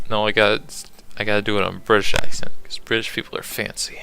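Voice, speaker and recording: A man's voice: on the low side, little pitch movement, fast talker, gravelly, hardly any pauses, sharp tone, clean tone. A man playing through a game and commentating, jokey and rambling, arguing back at the characters. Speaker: gaming channel host. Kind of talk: let's play commentary.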